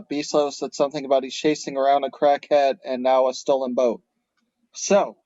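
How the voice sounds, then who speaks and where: A man's voice: fairly high pitch, darkish tone, no room sound. A man hosting a podcast, steering the segment with wry, casual banter. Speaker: podcast host. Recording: dull lo-fi sound.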